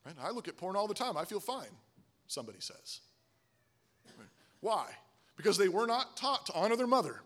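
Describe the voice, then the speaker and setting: Emphatic high-voiced man preaching. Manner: emphatic, with repeated "Right?" asides; swings from loud emphasis to low, quiet asides. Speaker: pastor. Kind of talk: sermon.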